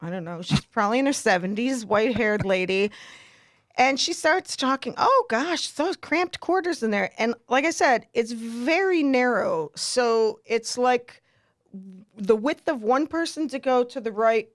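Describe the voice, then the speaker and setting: Animated storyteller woman, dry close mic. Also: a little high, measured pace, dry recording. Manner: animated, laughs a lot, acts out quotes. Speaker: podcast host. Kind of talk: casual storytelling chat.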